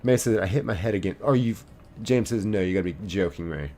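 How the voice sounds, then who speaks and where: A man's voice: fairly low pitch, fast talker, warm tone. A man live streaming a game, reading viewers' chat messages aloud and answering them playfully. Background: faint game music.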